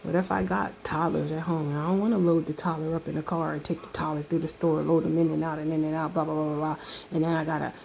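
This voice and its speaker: Gravelly woman ranting about a pizza delivery, low mellow voice, a bit of background hum. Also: fast talker, poor audio. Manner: animated, laughs often, acts out quoted voices. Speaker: vlogger telling a story. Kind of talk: casual storytelling rant.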